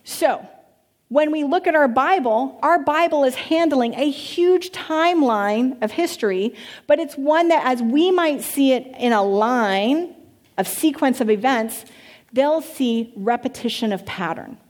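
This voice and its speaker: A woman pastor teaching a church congregation in an animated way, asking the room questions. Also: high-pitched, unhurried.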